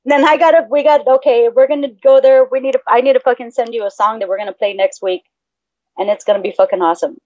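Woman, podcast co-host, higher voice, profane, laughs often, dry muffled audio. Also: fairly even intonation, fast, a little mellow, no echo. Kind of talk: casual chat. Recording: dull lo-fi audio.

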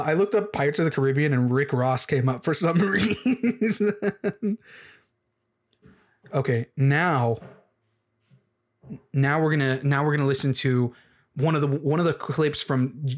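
Excitable man reacting with laughter. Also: on the high side, measured pace, long pauses. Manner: excitable, laughs often, repeats phrases for emphasis. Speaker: video creator. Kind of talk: music reaction commentary.

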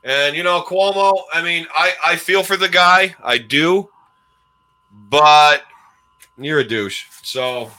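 A man in his forties hosts a relaxed podcast, rambling through old memories with a friend. His voice is very bright and forceful and sits a little high. He laughs easily as he talks. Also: slow. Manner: rambling, laughs while telling stories. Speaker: podcast host. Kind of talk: casual storytelling chat.

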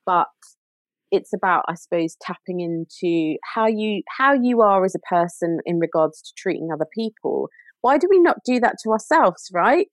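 A woman's voice: fairly low pitch, animated, moderate pace, no echo. A woman speaking as a podcast guest in a casual chat, earnest and reflective, often restarting her sentences.

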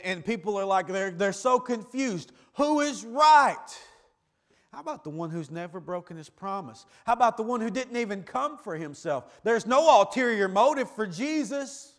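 High-voiced pastor preaching emphatically. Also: male voice. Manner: emphatic preaching that swings between quiet low asides and loud raised cries. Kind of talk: sermon.

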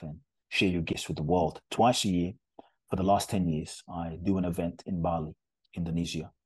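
A man from Ghana, a spiritual teacher, telling a story as a podcast guest in an earnest, animated way. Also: deep voice, breathy edge, no echo.

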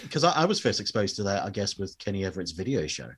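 Brief: male co-host, low husky voice, measured and dry. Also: big pitch swings. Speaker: podcast co-host. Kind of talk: casual chat about comedy records.

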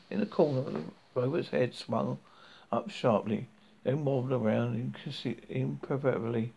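A man's voice: mid-range voice, moderate pace, gravelly, darkish tone, husky. A man reading a novel aloud, stumbling and restarting words as he goes. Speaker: reader. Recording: dull lo-fi recording.

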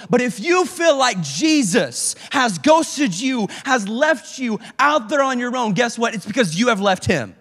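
A man with a very high voice preaches a slangy, animated youth sermon and acts out people's prayers. His voice rings with a long reverb, as in a large hall. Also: measured pace, few pauses. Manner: casual slangy speech. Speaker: youth pastor.

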